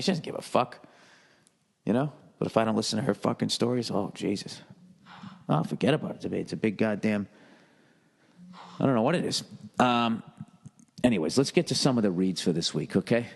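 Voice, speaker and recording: A man's voice: fairly low pitch, expressive, fairly quick, vocal fry, big-room sound. A man hosting a solo podcast, rambling in a profane, sarcastic way. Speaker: podcast host, comedian.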